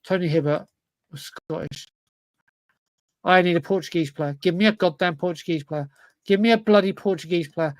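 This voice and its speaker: Male co-host, high-pitched, dry close mic, English, swears, talks to himself mid-quiz. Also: normal speed, pauses often, no echo. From England. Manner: swears freely, blurts answers, talks to himself. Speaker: podcast co-host. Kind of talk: casual chat while playing a football quiz.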